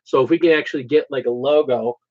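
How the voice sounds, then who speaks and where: A man hosting a channel, talking in a halting, jokey way full of fillers while crafting. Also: mid-range voice, no echo. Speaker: channel host. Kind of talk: casual livestream chat while crafting. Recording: slightly muffled stream audio.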